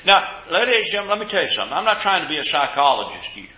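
Preacher guy telling stories from the pulpit, bright voice, kinda muffled roomy recording. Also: a little high, big pitch swings, rapid-fire. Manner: folksy storytelling preacher, repeats words, swings from loud to hushed. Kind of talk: sermon. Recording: echoey hall, dull lo-fi sound.

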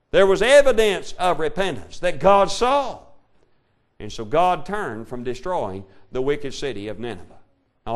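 A male preacher delivering a sermon, reading scripture in an old-fashioned cadence and swinging between loud declaration and quiet asides. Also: high voice. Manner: old-style King James reading cadence.

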